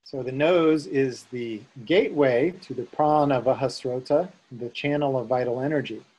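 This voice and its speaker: A man teaching a Sanskrit lesson, calmly explaining sounds and chanting tones for students to repeat. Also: medium pitch, moderate pace, lo-fi sound. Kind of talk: slow guided chanting lesson.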